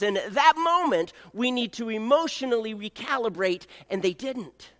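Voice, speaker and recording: A man preaching a sermon, animated and joking, acting out voices and coughing now and then. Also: extremely high pitch, normal speed, few pauses, long reverb tail. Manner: animated, acts out voices, jokes with the congregation. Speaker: pastor.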